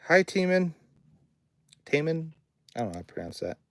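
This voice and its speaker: A man hosting a casual livestream from his home recording studio, talking in a rambling way and reading viewers' comments aloud. His voice sits a little low. He drifts from topic to topic in a relaxed chat. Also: racing, dry recording.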